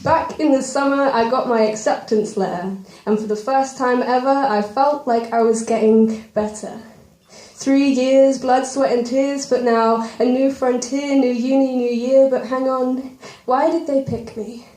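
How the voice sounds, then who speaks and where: A young woman at an open mic performing a spoken word poem, with a self-deprecating, quick rhyming delivery and nervous asides. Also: sits high, fairly even intonation, warm tone. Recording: roomy live venue recording.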